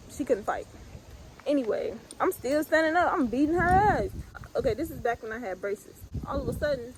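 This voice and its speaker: A young Midwestern woman vlogger tells a casual storytime in a blunt, profane, laid-back manner, full of fillers. Her voice is high, and the low-quality recording carries a little hiss or hum.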